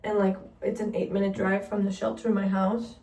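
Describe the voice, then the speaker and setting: A woman's voice: mid-range voice, little pitch movement, fairly quick, mellow, slight background noise. A young woman vlogging in a casual chat, rambling through a story and filling it with "like". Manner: chatty, heavy use of "like", rambling storytelling. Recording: roomy sound from a distance.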